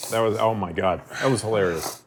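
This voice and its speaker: A young man, a guest on the show, recalling road stories in a relaxed, casual way. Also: lowish voice, brisk, a little hiss or hum. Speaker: guest, former assistant. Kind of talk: casual chat.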